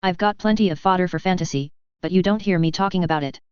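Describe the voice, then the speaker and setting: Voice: mid-range voice, quick pace, clean tone, no room sound, highs cut off, close to an everyday voice. A narrator voicing a joking young male soldier who teases his teammates. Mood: teasing. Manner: joking, teasing.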